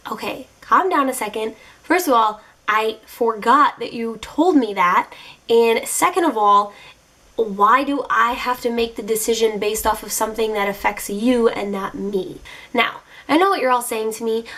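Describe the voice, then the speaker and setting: A young woman vlogging from home, her voice a touch higher than most. She tells her dating stories casually straight to camera, animated, sassy and openly exasperated. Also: moderate pace.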